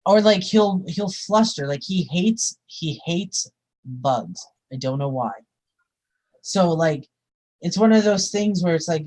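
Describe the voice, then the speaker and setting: Lively, swearing woman guest. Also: fairly low pitch, slow. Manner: animated, swears when riled. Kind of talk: casual chat.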